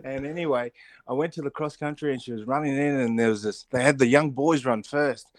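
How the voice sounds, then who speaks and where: A middle-aged man chatting as a rugby pundit, quick to laugh and tumbling over his own restarts. His pitch sits in the middle for a man and swings up when he gets excited. The sound is dry and close. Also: dry recording. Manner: animated, laughing storyteller, full of restarts. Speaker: rugby pundit, weekly guest. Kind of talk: casual radio chat.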